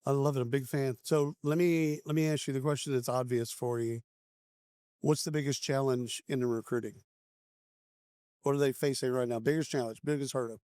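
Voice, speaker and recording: A man hosting a casual podcast interview at a conference, mid-pitched and upbeat. He encourages his guest and asks quick follow-up questions. The sound is dry and close, with almost no room echo. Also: fairly even intonation, darkish tone, clean tone. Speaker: podcast host. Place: conference venue.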